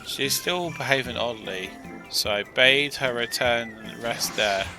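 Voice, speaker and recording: A man voicing a reserved, formal companion character in a video game, with deliberate phrasing and game music behind. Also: mid-range voice, gravelly, rough recording. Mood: thoughtful.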